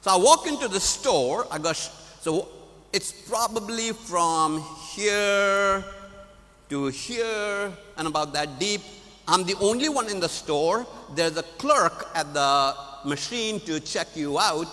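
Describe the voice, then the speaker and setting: A middle-aged man preaching at a conference, telling a story in an animated way. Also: sits high, slow. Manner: animated storyteller, laughs at his own story. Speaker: conference speaker. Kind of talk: storytelling sermon. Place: large conference hall. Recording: echoey hall.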